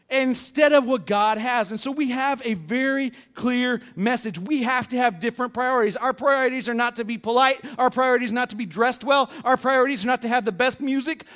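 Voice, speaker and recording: Lively jokey preacher man, high-voiced. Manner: conversational, jokey, animated storytelling with quick voiced asides. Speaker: pastor. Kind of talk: humorous sermon. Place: church sanctuary.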